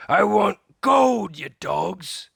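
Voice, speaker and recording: A man's voice: sits high, lively intonation, drawn-out words, gravelly, a bit bright, husky, dry recording, clean studio sound, voice pushed up, heavily acted. A man voicing a mean, bearded pirate captain who roars and growls as he reads a storybook aloud. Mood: roaring. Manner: roaring, growling, gleeful menace.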